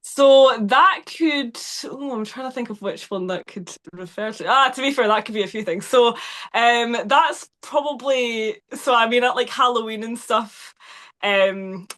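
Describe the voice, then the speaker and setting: A woman's voice: fairly high pitch, measured pace, a bit bright. A woman being interviewed as a guest actress, chatting casually with many fillers and frequent laughter.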